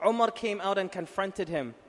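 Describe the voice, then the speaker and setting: A man preaching, telling a story with animated questions to his audience. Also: sits high, normal speed. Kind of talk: storytelling sermon. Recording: long reverb in a hall.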